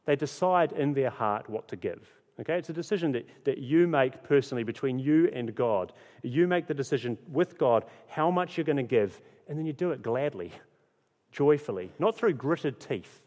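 A man's voice: medium pitch, darkish tone. A man preaching a sermon as pastor, earnest and repeating key phrases for emphasis. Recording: long hall reverb.

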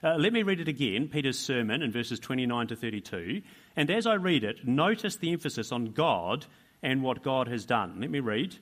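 A man's voice: mid-range voice, sing-song, normal speed, a bit bright. A man preaching a sermon, emphatic, asking rhetorical questions and repeating key phrases for weight.

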